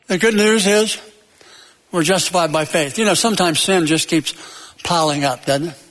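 Male preacher, high voice, emphatic swings from loud peaks to low, recorded in a reverberant hall. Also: moderate pace. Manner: tells jokes and stories. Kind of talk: sermon.

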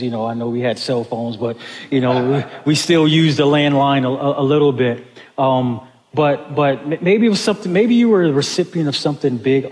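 A man's voice: medium pitch, a little mellow. A man preaching a sermon as pastor, talking in a loose conversational way with frequent restarts and repeated words. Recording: long reverb of a large hall.

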